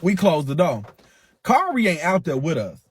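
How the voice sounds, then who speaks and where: A man with a high, husky voice hosts a livestream and retells a brawl in loose, profane street talk. He acts the story out as he goes, throwing in sound effects and quick asides. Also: huge pitch swings. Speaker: livestream host.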